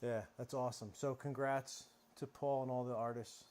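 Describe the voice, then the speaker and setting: A man's voice: medium pitch, flat delivery, moderate pace, darkish tone. A man hosting a live stream, chatting upbeat and enthusiastic. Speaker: host. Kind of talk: casual chat.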